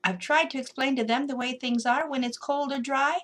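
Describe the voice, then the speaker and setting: A woman's voice: high voice, normal speed, pitched above the performer's own voice. A woman voicing a grumpy, sleepless male earthworm who complains in a raised voice. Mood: complaining.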